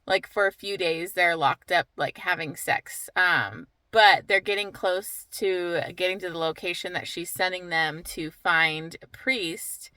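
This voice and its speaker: A woman's voice: on the low side, unhurried, few pauses, sharp tone, no room sound, poor audio. A woman book vlogger at home, giving a candid, heated retelling of a novel in a casual reading vlog, with lots of "like.".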